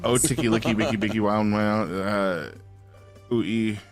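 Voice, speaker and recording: Man player, low voice, joking, laughing bursts, faint music. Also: steady tone, unhurried. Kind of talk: casual chat among players.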